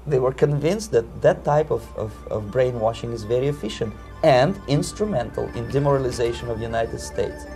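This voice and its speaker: A man with a Russian accent answering interview questions in a measured, emphatic way, often repeating words. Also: mid-range voice, lively intonation, vocal fry, warm tone, faint music behind. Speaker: interviewee, Soviet defector. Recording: 1980s video interview.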